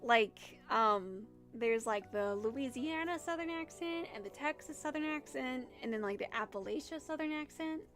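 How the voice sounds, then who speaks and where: A young woman with a Midwestern accent chats with her stream in a high, bright voice. She rambles and giggles between thoughts, answering comments as they come in, with faint music playing underneath. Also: animated, normal speed, hardly any pauses. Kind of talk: casual livestream chat.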